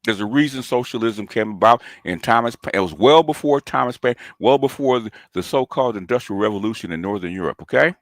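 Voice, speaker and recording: A man's voice: mid-range voice, expressive, fast talker, hardly any pauses, no echo, studio quality. A man, hosting a channel and delivering a combative, taunting call-out rant, often tossing in "okay?". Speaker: commentary channel host.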